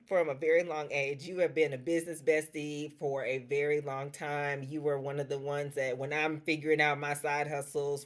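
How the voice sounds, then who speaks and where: Emotional woman host, near tears. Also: low-pitched. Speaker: podcast host. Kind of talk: heartfelt interview wrap-up.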